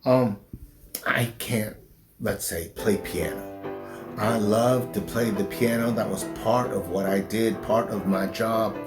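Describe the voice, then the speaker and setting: A middle-aged man, a pastor, speaking slowly and haltingly in an interview, with a slight southern drawl since his stroke. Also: lowish voice, steady tone, music in the background. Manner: slow, halting speech with restarts after a stroke. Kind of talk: personal interview.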